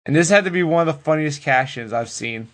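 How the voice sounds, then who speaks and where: A man co-hosting a casual podcast, retelling wrestling in a loose, profane, animated way. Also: on the high side, fast. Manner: animated, profane storytelling that acts out the people it quotes. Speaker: podcast co-host recapping wrestling. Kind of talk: casual chat.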